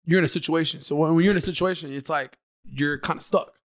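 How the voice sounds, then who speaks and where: A man's voice: a little high, quick pace. A young man co-hosting a podcast, casual and laughing, swearing freely and calling everyone bro. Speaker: podcast co-host. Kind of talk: casual chat.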